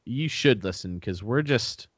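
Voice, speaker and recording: A man's voice: fairly low pitch, animated, measured pace, slightly rough, dry recording. A young man co-hosting a podcast in casual chat, goofy and rambling, swearing freely. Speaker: podcast co-host.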